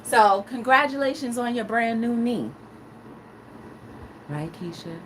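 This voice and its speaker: Woman host, lively and high-pitched, unhurried, playful live chat over steady background noise. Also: low-quality recording. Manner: animated, playful, dramatic exclamations. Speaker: talk show host reading live chat. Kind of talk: casual live-stream chat.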